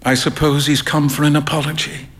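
A man playing a sulky young gentleman. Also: fairly high pitch, flat delivery, brisk, in a large hall, natural voice. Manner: sulky, rueful.

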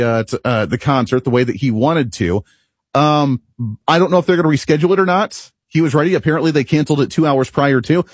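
Husky-voiced male talk radio host. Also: on the high side, no echo, clean studio sound. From United States. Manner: animated, rambling, laughs at himself. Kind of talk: opinionated talk radio monologue. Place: radio studio.

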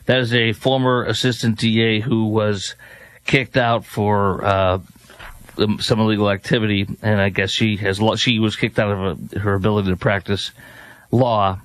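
A man's voice: fairly low pitch, little pitch movement, normal speed. A man hosting a commentary show, scornful and sarcastic as he reacts to clips. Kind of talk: opinionated news commentary.

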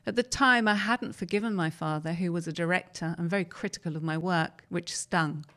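Low-voiced woman reading articles aloud. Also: a little fast, fairly bright tone.

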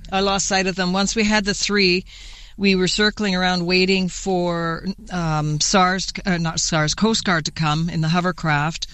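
Woman, news interviewee, halting speech, restarts, dry close sound. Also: lowish voice, little pitch movement, fairly bright tone, clear, resonant tone, no echo. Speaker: interviewee, sailboat rescuer.

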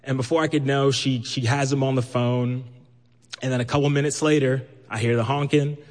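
A man from Brooklyn telling a personal story live, lively and acting out the voices he quotes. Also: medium pitch, a little fast. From New York, Brooklyn. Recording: long hall reverb.

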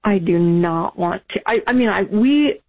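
A widowed woman calling in to a radio show, emotional and halting, restarting her sentences. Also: medium pitch, expressive. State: tearful. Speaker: caller. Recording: tinny phone line.

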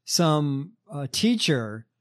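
Male podcast host, slightly high voice, halting and sardonic delivery. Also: big pitch swings. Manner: halting, lots of fillers, sardonic. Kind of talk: casual chat.

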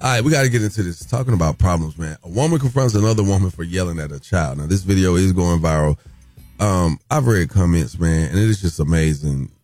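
Deep, husky-voiced male radio host. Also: quick pace, no echo, faint music behind. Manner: laid-back, conversational, slangy, acts out quotes in a high yell. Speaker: radio morning show host. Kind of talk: casual radio talk show chat. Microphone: studio microphone.

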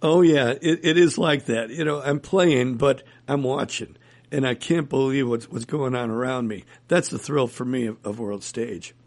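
A man's voice: mid-range voice, moderate pace, gravelly, darkish tone. A man, a musician guest in an interview, telling rambling anecdotes and chuckling often. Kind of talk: casual interview storytelling.

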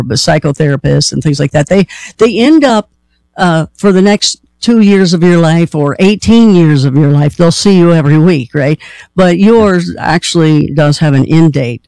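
A man's voice: a little high, darkish tone, smooth, no room sound. A man interviewing a guest, asking loose, rambling questions in a casual way. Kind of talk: conversational interview.

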